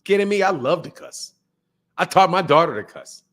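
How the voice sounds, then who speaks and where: A man's voice: a little high, lively intonation, normal speed, a bit bright. A man from the United States hosting a boxing channel, chatting casually on a live stream, boastful and joking, swearing freely.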